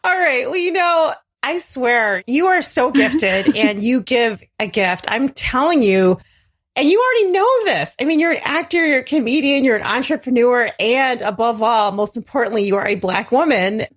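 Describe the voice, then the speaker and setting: A middle-aged woman hosting a podcast, effusive and emphatic, her voice climbing high when she gets excited. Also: normal speed. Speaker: podcast host. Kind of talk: casual podcast interview.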